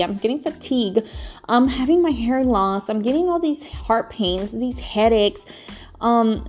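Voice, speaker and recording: A woman vlogging her own story in a casual, rambling, animated way, full of "like" and "freaking". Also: a little high.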